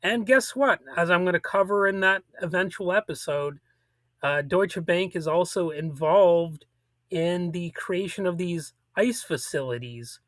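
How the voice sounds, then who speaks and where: A man's voice: high voice, a little slow, a bit bright, dry recording. A man giving casual, sarcastic political commentary on his own show, rambling with many fillers and restarts.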